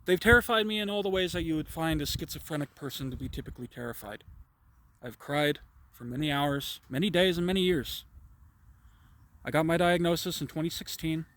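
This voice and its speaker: A man's voice: fairly high pitch, fairly quick, fairly bright tone. A man telling a personal story in an improvised monologue, rambling and profane with stammered restarts. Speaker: vlogger.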